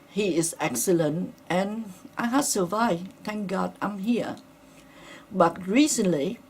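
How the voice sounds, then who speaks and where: A middle-aged woman speaking in halting, non-native English, giving earnest and shaken testimony in an interview. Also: medium pitch, a little hiss or hum. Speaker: interviewee, attack survivor. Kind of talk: emotional personal testimony.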